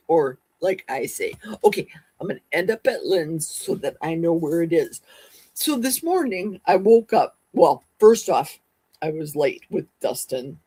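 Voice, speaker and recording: Fast-talking chatty woman, husky and lively. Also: sits low, no echo. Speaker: livestream host. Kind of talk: casual livestream chat.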